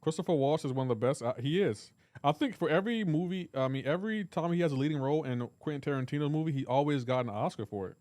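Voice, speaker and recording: A man's voice: fairly high pitch, expressive, quick pace, hardly any pauses, darkish tone, no room sound. A man hosting a live game stream, joking around in casual chat and answering his viewers' comments aloud.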